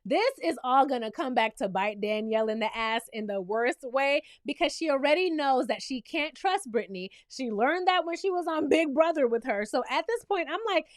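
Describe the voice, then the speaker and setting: High-voiced sassy woman recapping TV. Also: normal speed, few pauses, dry recording, clean studio sound. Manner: sassy, animated, talks straight to the viewer. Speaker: reality TV recap host. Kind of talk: recap and review commentary.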